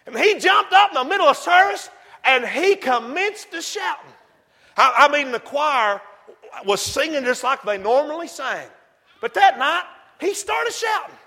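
A preacher man with a very high, bright, piercing voice hollers and whoops his way through a fiery sermon. He drops now and then into low, quick asides. A long reverb trails off every shout in the church hall. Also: very animated.

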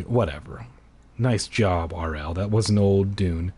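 A man's voice: on the low side, a little slow, husky. Man reading a spooky kids' book with snark. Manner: sarcastic asides, deadpan jokes. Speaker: reader. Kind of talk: comic read-aloud of a kids' horror book.

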